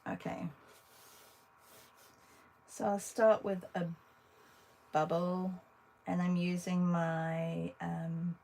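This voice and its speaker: A woman's voice: lowish voice, little pitch movement, drawn-out words, vocal fry, pauses often, mellow, poor audio. A woman art teacher chatting casually with viewers while she draws, thinking aloud as she works. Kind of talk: casual livestream drawing demo.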